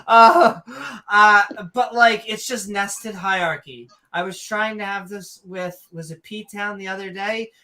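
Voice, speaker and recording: A man with a Northeast US accent, co-hosting a casual podcast in a rambling, animated way with many ums. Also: high voice, measured pace, few pauses. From Philadelphia area. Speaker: co-host.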